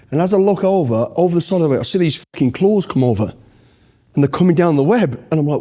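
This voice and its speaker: A middle-aged man from Britain rattles off blunt, swear-laden anecdotes as an interview guest. His voice sits a little high but sounds mellow and relaxed, and the delivery is loose and unscripted. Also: fast talker. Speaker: guest, former special forces soldier. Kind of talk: casual storytelling interview.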